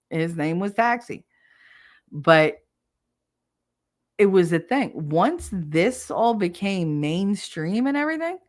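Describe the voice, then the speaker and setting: Blunt, cussing woman podcaster, low voice. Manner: blunt, profane storytelling with frequent laughs. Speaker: podcast host. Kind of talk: casual solo chat.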